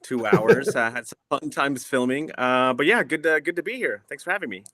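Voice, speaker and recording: A man's voice: medium pitch, expressive, a little fast, fairly bright tone, no room sound, clean studio sound. A man guest on a casual livestream, chatty and upbeat, laughing easily. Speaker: guest creator.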